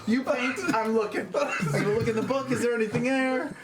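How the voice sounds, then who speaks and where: A tabletop game player speaking casually and excitably, laughing often and dropping to quiet whispers. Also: a little fast, over a noisy crowd. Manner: excitable, laughing, jumping between squeals and low whispers. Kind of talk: tabletop role-play, casual.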